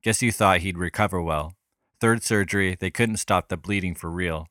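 Deep-voiced man narrating a scripted analysis. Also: a bit bright, no room sound, studio quality. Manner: measured, reads from a script. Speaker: podcast host.

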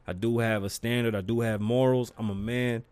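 Profane, animated male podcast host. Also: medium pitch, normal speed, clear, resonant tone, no room sound. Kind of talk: casual podcast monologue.

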